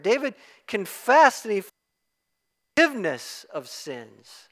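Male preacher, bright tense tone, emphatic delivery, reverberant church room. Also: a little high, lively intonation, normal speed. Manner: emphatic, rising to loud exclamations. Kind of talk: sermon. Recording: long hall reverb.

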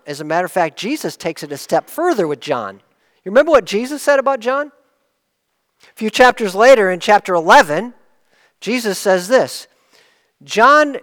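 A man preaching a sermon, explaining each point earnestly, rising for emphasis and dropping low to close a point. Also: a bit bright, big-room sound.

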